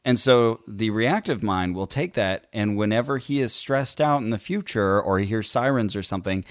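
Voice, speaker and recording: A man co-hosting a podcast who tells stories in a wry, animated way and laughs often. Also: on the low side, moderate pace, no room sound, studio quality. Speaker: podcast co-host. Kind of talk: casual chat.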